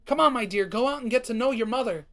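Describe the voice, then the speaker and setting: A man's voice: extremely high pitch, fast talker, voice pushed up. A man voicing an eerie, doting female pony speaking to her unborn baby. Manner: creepily tender. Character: eerie doting mother pony giving birth.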